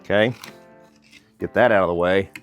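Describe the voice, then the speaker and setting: Male barbecue vlog host, lowish voice, relaxed and enthusiastic, recorded outdoors in the snow, faint music behind. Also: moderate pace, lo-fi sound. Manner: relaxed, enthusiastic, chuckles often. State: cold from the weather. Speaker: barbecue cooking channel host. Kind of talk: casual cooking vlog.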